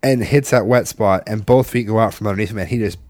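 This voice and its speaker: A man in his thirties telling a family story in casual chat, animated and swearing, acting out the voices of the people in it. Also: on the low side, fast talker, no room sound, clean studio sound.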